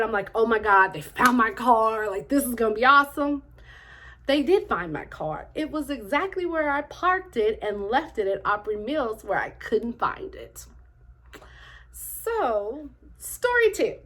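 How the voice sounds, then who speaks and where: A middle-aged woman vlogger telling stories straight to her viewers in a chatty, animated way, full of "like" and "um". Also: mid-range voice. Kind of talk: casual storytelling to camera.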